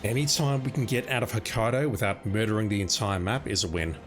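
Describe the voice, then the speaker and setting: A man streaming a video game, hoarse and losing his voice, planning his moves aloud as he plays. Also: fairly low pitch, steady tone, fast talker, soft background music. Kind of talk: gaming commentary.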